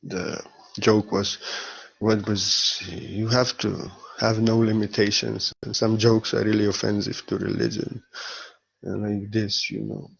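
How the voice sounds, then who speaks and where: A man's voice: fairly low pitch, flat delivery, a little slow, creaky, slightly rough. Playful man giving a spiritual talk. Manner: playful, laughing, swings between loud bursts and soft murmurs. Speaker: spiritual teacher. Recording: slightly dull lo-fi audio.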